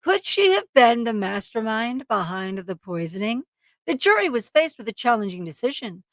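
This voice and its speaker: Reading a true crime case on a livestream she co-hosts, a woman stumbles over words and keeps breaking into laughs. She speaks at normal speed in a fairly high voice with big pitch swings, and the recording is dry.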